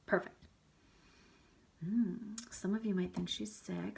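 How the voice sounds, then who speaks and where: A woman teacher reading a chapter book aloud to her students, animated, with hushed whispered asides. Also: on the low side, moderate pace, creaky.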